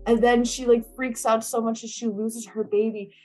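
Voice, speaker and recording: A woman's voice: a little high, little pitch movement, moderate pace, darkish tone. Chatty blunt young woman recapping a movie. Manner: chatty and blunt, swears a lot, says "like" often. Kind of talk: casual chat, recapping a movie.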